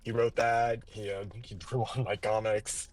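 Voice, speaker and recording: A man's voice: on the low side, level tone, normal speed, a loud crowd. A man playing a tabletop game, talking in character in a casual, joking way and brushing things off breezily. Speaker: player.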